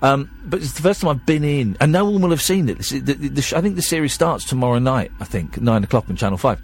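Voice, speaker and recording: Tired, rambling radio host. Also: male voice, mid-range voice, animated, fast talker, breathy edge. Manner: chatty, rambling, self-deprecating. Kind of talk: late-night radio chat.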